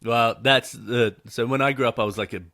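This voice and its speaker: Bright-voiced Australian man, laid-back. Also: medium pitch, steady tone, fairly quick. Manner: laid-back storytelling, swears casually. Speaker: guest. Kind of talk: casual podcast chat.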